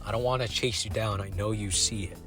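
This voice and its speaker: A man's voice: lowish voice, fairly even intonation, a little fast, natural voice. Man doing a smug young detective, scheming, hostile, casual delivery, faint music.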